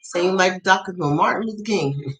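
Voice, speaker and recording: A woman's voice: fairly low pitch, moderate pace, fairly bright tone, rough recording. A woman hosting a casual livestream, telling stories bluntly with a lot of swearing and laughter, acting out her own past remarks in quoted voices. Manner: blunt, profane storytelling with frequent laughter. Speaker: tarot channel host.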